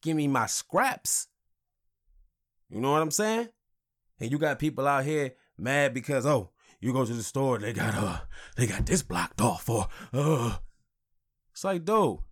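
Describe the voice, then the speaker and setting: A man's voice: mid-range voice, sing-song, normal speed. A man in his thirties, a father, hosting a podcast and ranting angrily with lots of swearing and "you know what I'm saying.". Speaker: podcast host.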